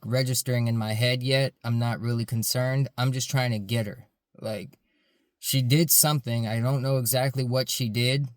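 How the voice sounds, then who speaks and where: Man, mid pitch, earnest rambling storyteller, dry close recording. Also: dry recording. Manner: earnest, rambling with many "like" fillers. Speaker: security supervisor telling his dreams. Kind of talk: casual storytelling to camera.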